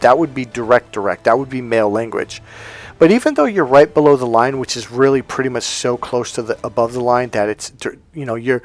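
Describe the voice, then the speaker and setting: A man's voice: medium pitch, animated, brisk, faint music behind. A man giving a casual dating-advice monologue to camera, emphatic and repetitive, acting out little example lines. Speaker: dating coach.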